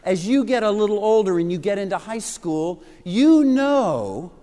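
A man's voice: high voice, big pitch swings, measured pace, mellow, long reverb tail. A middle-aged man preaching an earnest, emphatic sermon to young listeners, repeating key phrases. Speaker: pastor. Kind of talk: sermon to children and youth.

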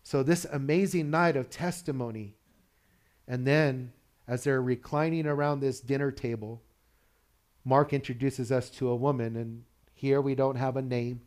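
This pastor has a mid-range, somewhat dark voice. He delivers his sermon loosely and conversationally, putting questions to the congregation and chuckling between points.

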